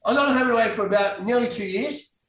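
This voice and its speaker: An Australian man, a former actor, telling lively stories about his career as a podcast guest, acting out what he said back then. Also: very high voice, quick pace, roomy sound, distant mic, very noisy. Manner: animated storyteller acting out his own past lines. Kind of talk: storytelling in podcast interview.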